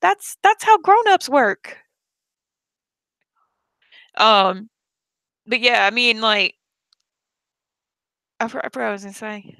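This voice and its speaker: A woman's voice: a little high, sing-song, slow, pauses often, a bit bright, no echo. A woman hosting a livestream chat, blunt and casual, swearing freely and laughing often. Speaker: livestream host.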